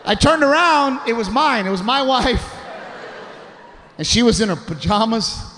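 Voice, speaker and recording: A man performing a stand-up comedy set, telling a story loudly and shouting out impressions. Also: very high voice, animated, a little slow. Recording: live show with crowd noise. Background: audience laughter.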